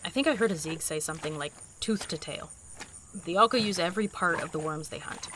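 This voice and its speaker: A woman's voice: fairly low pitch, a little fast, background noise, natural voice. A woman playing a brash, impatient young explorer who talks bluntly, swears and uses dry sarcasm in an audio drama. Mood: matter-of-fact.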